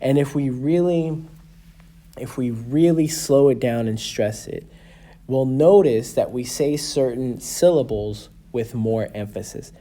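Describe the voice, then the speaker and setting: A man's voice: mid-range voice, a little slow, dark tone. A man in his thirties teaching a class, patiently explaining and often checking in with "okay?" or "right?". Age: 30s. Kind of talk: classroom lecture.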